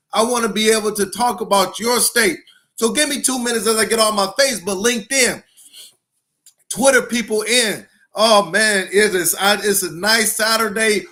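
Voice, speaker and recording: A middle-aged man who is a school principal, hosting a live-streamed educational podcast. He is energetic and hyped, repeats phrases for emphasis and greets viewers one by one by name. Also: high voice.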